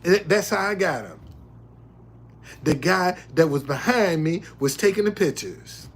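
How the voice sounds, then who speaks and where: An older man streaming live, retelling a confrontation with heavy profanity and repetition, then chatting with viewers. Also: measured pace. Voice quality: profane, emphatic storytelling with repetitions. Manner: animated, loud retelling, drops low when reading chat. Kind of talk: casual live stream talk.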